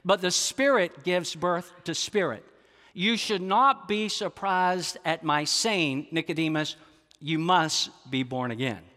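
A man preaching a sermon voices a calm, authoritative Jesus who explains things patiently and slowly. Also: fairly high pitch, big-room sound. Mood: earnest.

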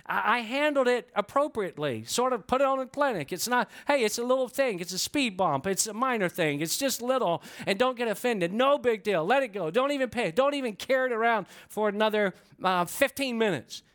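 A middle-aged man preaching, telling an animated, self-deprecating story and asking the congregation questions. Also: extremely high pitch, brisk, hardly any pauses. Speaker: pastor. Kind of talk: storytelling sermon. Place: church before a congregation.

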